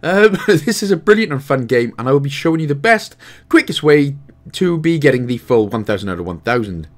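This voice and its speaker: A man's voice: on the high side, sing-song, brisk. A Welsh man hosting a game walkthrough, chatting casually with jokey asides while explaining the controls. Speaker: gaming guide host.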